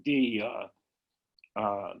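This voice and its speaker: An older man talks through his coaching days in a loose interview. He often restarts, repeating words, and stops to clear his throat. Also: lowish voice, extremely slow, phone-quality sound. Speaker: former major league player and coach. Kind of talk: conversational interview.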